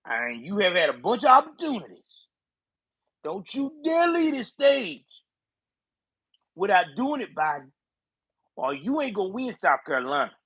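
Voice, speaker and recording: A man putting on a gruff older male politician, bossy and commanding, in a folksy drawl. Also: high-pitched, a bit bright, no echo, pitched above the performer's own voice, heavily acted. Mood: scolding.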